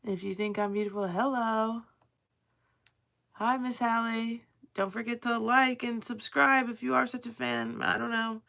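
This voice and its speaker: A woman's voice: a little high, fairly even intonation, unhurried, gravelly, pushed and bright. A woman live streaming from home while crafting, rambling casually and swearing freely as she chats to her viewers. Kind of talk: casual livestream chat to viewers.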